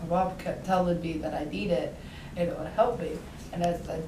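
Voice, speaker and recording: A woman's voice: lowish voice, steady tone, normal speed, a little mellow. A young woman with a congested, stuffy voice from a cold, chatting casually and sounding whiny about feeling sick. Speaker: vlogger's girlfriend. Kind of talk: casual chat. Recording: roomy, distant, faint background noise.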